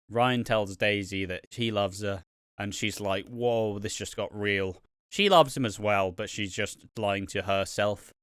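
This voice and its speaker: A man in casual podcast chat, rambling through his thoughts with frequent fillers and the odd swear word. His voice is smooth and clear, recorded close and dry with no room sound. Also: on the low side, fairly bright tone, dry recording. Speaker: podcast host. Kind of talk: casual soap review chat.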